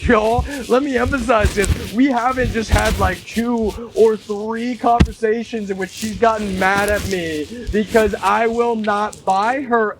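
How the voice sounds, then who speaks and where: High-voiced young man ranting emphatically. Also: creaky, recorded from a distance. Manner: rambling, emphatic, laughs between phrases, repeats "y'all". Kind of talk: casual rant to camera. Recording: noisy background.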